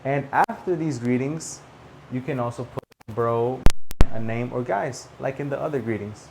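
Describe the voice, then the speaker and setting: A man teaching a spoken English lesson, repeating example phrases clearly and checking in with "okay?". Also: medium pitch, normal speed, noisy background.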